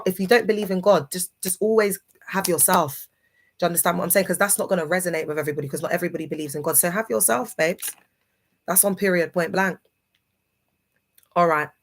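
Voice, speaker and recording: A woman's voice: low-pitched, creaky. A woman talks to her live viewers in a casual, emphatic, preachy way, often checking that they understand, while grieving. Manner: emphatic, preachy, keeps asking if listeners understand. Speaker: livestreamer. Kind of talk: casual livestream monologue.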